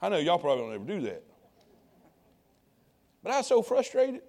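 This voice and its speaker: A man preaching a sermon, calling out to the congregation and swinging between quiet asides and loud appeals. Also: high-pitched, wildly swooping pitch, fairly quick. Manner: call-and-response preaching to congregation.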